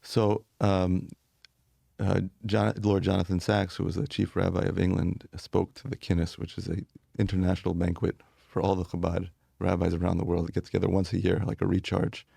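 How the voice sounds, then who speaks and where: A man's voice: low-pitched, monotone, fairly quick, vocal fry, mellow, no echo. A man, a rabbi, telling stories earnestly in a conversational interview, with light laughs.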